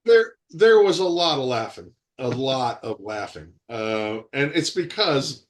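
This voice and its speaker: A man in his sixties, an actor being interviewed over a video call, telling stories in a rambling, animated way and laughing often. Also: mid-range voice, measured pace.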